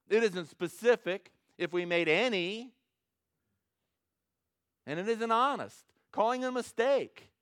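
Animated man preaching a sermon. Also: high-pitched, a little slow, dry recording, studio quality. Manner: animated preaching, acts out prayers and dialogue, swings between loud and hushed. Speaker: pastor. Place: church sanctuary with congregation.

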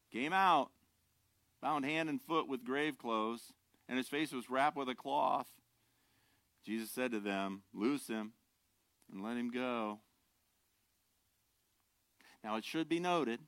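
Older male pastor, sermon, bright and forceful, animated, dry close sound. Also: mid-range voice, dry recording. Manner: animated, swings from shouting to quiet asides.

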